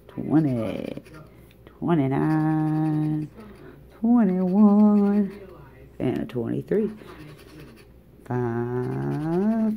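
A woman's voice: extremely low pitch, gravelly, dark tone. A woman chatting casually to viewers while scratching lottery tickets in a hotel room, drawling and talkative.

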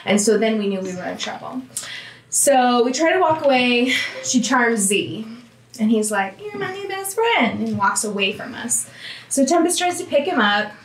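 A woman gives an animated recap of a tabletop game, acting out each character's lines in quick little voices. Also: fairly high pitch, slight background noise. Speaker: player. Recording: roomy, distant call audio.

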